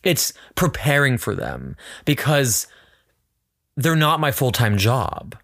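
A man's voice: medium pitch, huge pitch swings, takes it slowly, vocal fry, fairly bright tone, no room sound, clean studio sound. A man hosting a podcast in casual chat, talking candidly and emotionally, holding back tears. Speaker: podcast host. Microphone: studio microphone.

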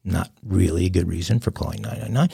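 A middle-aged man co-hosting a crime news podcast, telling stories in a joking, lively way. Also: low-pitched, quick pace, gravelly, husky. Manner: joking, animated storyteller, swears casually. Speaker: podcast co-host. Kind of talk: casual crime news chat, storytelling.

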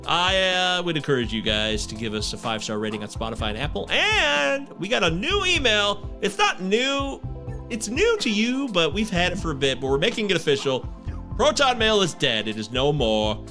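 A man hosting a podcast, giving a chatty, lively show intro. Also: high voice, moderate pace. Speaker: podcast host. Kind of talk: casual chat. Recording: over music bed.

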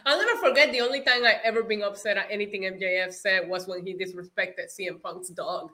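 Bright-voiced woman, a non-native English speaker. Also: mid-range voice, steady tone, fast talker. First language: not English. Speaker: podcast co-host. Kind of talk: casual chat.

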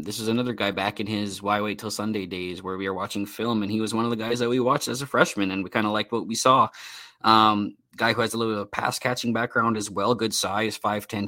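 Male podcast co-host, low and relaxed, stat-heavy casual delivery, dry close-mic. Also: no room sound. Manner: easygoing, rattles off stats with fillers and self-deprecating asides. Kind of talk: casual fantasy football podcast talk.

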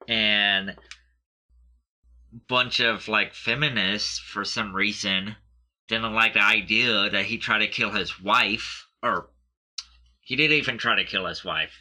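A man's voice: fairly low pitch, bright, forceful tone. A man telling a story in casual conversation, laid-back, full of ums and swearing. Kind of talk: casual chat.

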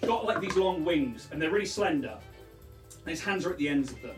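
A man running a tabletop game, describing scenes in a loose, rambling way. His voice is a bit high and very animated. The room is echoey and he sits back from the mic. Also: a little fast, distant mic, soft background music. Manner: loose, descriptive narration with many fillers. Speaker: game master.

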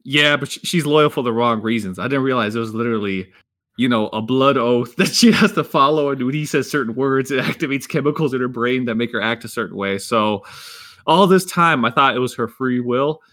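A man on a casual podcast panel, animated and playful, slipping into voices as he retells scenes. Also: mid-range voice, brisk. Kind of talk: casual group chat.

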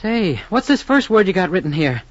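An actor playing a flat, matter-of-fact young husband in a 1940s radio comedy. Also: male voice, sits high, fairly quick. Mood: deadpan. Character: plain-spoken young husband, flat and unromantic. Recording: dull old radio recording, off-mic.

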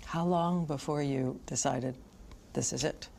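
Brief: woman interviewer, very low voice, slow probing questions, faint room tone. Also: creaky, warm tone, a little hiss or hum. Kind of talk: serious interview.

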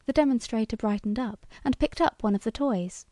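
Woman narrator reading a story, even and steady, dark dry tone. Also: fairly high pitch, brisk, dry recording. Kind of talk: scripted narration.

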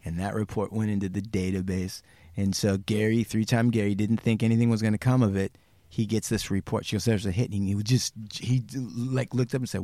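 A man hosting a podcast, telling a true crime story casually and acting out the quotes with sudden jumps in pitch and some swearing. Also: brisk, a little mellow, dry recording, studio quality. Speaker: podcast host.

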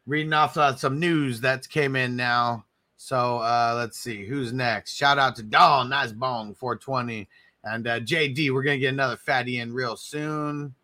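A man hosting a casual live stream, answering viewers and giving hyped shout-outs. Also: mid-range voice, steady tone, unhurried. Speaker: livestream host.

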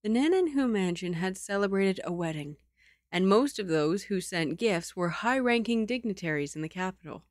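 A woman reading a novel aloud in a calm, even manner. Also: mid-range voice, normal speed, dry recording, studio quality. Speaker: audiobook reader.

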